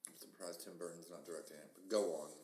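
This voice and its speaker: A woman's voice: very deep voice, steady tone, fast, a little mellow. A woman hosting a casual chat, dropping dry, wry asides. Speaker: podcast host. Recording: echoey room with faint hiss.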